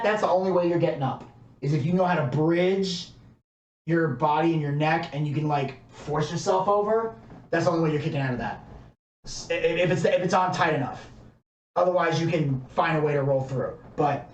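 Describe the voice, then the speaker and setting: A man co-hosting a podcast, telling a story casually with lots of fillers and swearing. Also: fairly high pitch. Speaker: podcast co-host. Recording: echoey room, distant mic.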